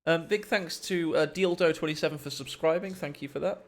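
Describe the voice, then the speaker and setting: A man's voice: fairly high pitch, a little fast. A man casting a live strategy game stream, joking, laughing and reading out subscriber names. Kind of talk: casual live game commentary. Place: home streaming setup.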